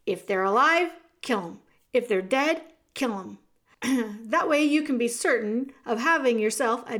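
A woman voicing a bossy, ruthless kitchen cook who barks orders in rough, ungrammatical speech, in a storybook reading. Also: a little high. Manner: shouting, blunt, with rough dropped grammar.

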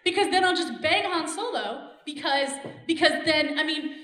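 A woman with a high, bright voice talks through a podcast game, giggling and getting emotional as she goes. Her voice bounces around an echoey room. She swears, then catches herself and apologizes. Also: animated, normal speed. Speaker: podcast co-host. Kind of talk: casual chat game with friends.

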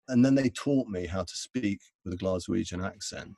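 A middle-aged man telling an anecdote in conversation, animated, with restarts and laughs. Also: medium pitch, slow pace, pauses often, dry recording. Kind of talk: conversational storytelling.

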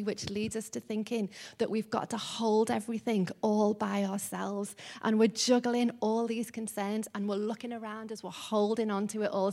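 A woman's voice: mid-range voice, a little mellow. Woman preaching in a conversational sermon. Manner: conversational, acts out quotes, laughs easily.

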